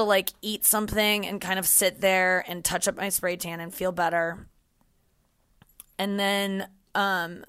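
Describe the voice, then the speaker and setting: A woman's voice: on the low side, no room sound, studio quality. A woman in her thirties hosting a podcast, telling a story casually and acting out the voices of others. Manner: animated, acts out quoted voices. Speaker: podcast host.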